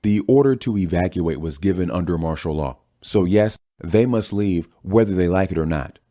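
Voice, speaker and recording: A man's voice: deep voice, normal speed, warm tone, no room sound, studio quality, close to an everyday voice. A man voicing a stern male lawyer pundit in a firm, matter-of-fact way.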